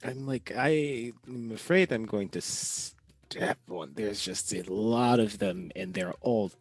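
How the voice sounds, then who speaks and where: A man's voice: lowish voice, slow pace. A man playing in a tabletop game, making hesitant, wry remarks. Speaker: player. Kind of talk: casual tabletop play.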